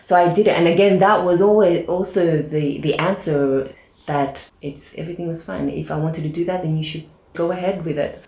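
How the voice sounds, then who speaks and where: Low-voiced woman telling a story in a roomy space. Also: moderate pace. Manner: animated storyteller, acts out quoted dialogue, many fillers. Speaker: podcast guest, aid organization founder. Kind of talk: casual storytelling interview. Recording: roomy echo.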